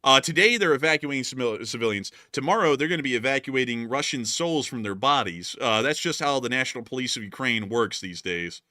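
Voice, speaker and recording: Guy doing war news commentary over footage, bright voice, dry close mic, jokey. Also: medium pitch, expressive, brisk, few pauses, no echo. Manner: joking, laughs often, explains as he goes.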